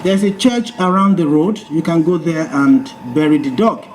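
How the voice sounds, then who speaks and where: A man's voice: a little high, expressive, moderate pace, a little hiss or hum. A man hosting a live event and rousing the audience. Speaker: master of ceremonies.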